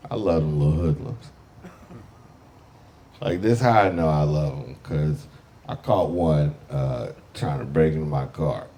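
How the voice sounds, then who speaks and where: A man's voice: very deep voice, unhurried, long pauses, warm tone. A man from the South, doing a stand-up comedy set with a brash, profane, punchy delivery. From American South. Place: live comedy venue with audience.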